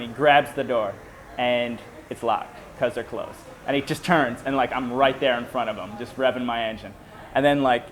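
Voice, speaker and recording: A man and moped club member telling a story in a casual interview, lively and acting out the quoted voices. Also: medium pitch. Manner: animated, acts out quoted voices.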